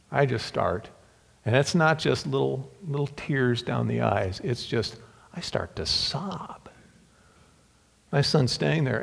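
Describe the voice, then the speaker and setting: A middle-aged man preacher telling personal stories in a sermon, halting and heartfelt, with repeated words and whispers on tender lines. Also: medium pitch, creaky, a bit bright, slightly rough. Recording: long hall reverb.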